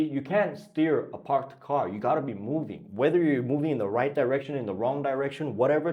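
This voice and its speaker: A trading coach with a medium-pitched, slightly mellow voice gives a blunt motivational talk. He swears freely and keeps pressing the listener with repeated questions.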